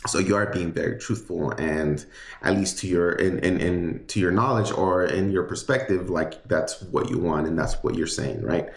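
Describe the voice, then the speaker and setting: Male tarot reader, deep voice, loose rambling delivery, echoey room sound. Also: moderate pace, vocal fry. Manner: chatty, rambling, many fillers and restarts. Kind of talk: casual livestream tarot reading.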